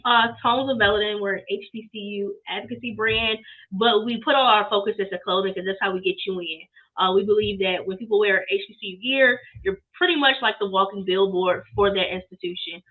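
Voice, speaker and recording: A young woman, a business owner, telling her story casually and lively in an interview. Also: medium pitch, a little fast. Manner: lively storytelling, acts out quoted people. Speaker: guest, apparel business owner. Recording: tinny phone-line sound.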